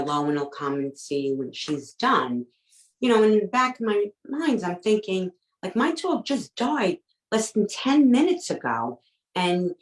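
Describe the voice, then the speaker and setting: A woman with a low, deep voice recounts a painful personal story as a guest. She stumbles and repeats words, quoting the people she spoke with. The sound rings around an echoey room. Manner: emotional, halting retelling with quoted dialogue.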